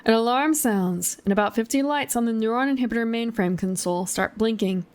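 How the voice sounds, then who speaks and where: A woman's voice: on the high side, fairly quick, darkish tone. A young woman streamer reading a choose-your-path gamebook aloud, with chatty, giggly, self-deprecating asides.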